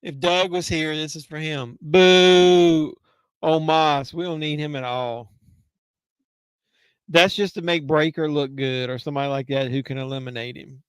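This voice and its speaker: A man hosts a live wrestling watch-along in a casual, excitable, heckling way, with a voice that is wearing down. His voice sits fairly high and comes across smooth and clear. The sound is dry and close. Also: no echo. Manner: excitable, blunt and heckling, with quick asides and swearing. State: losing his voice. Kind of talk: casual live reaction commentary.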